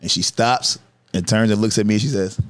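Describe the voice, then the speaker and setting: A man's voice: fairly low pitch, brisk. A man in his thirties telling stories in a casual, profane podcast chat, laughing as he goes. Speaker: podcast guest, comedian.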